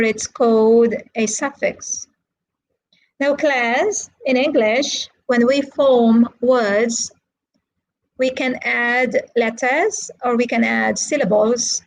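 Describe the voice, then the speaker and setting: A woman teaching an online English lesson, speaking slowly and deliberately and repeating words to model their stress. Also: a little high, poor audio.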